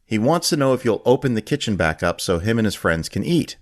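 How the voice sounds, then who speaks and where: A man hosting a podcast, telling a story in casual chat and acting out the people he quotes. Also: a little fast. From Florida. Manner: animated, acts out quoted voices in a higher pitch. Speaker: podcast host.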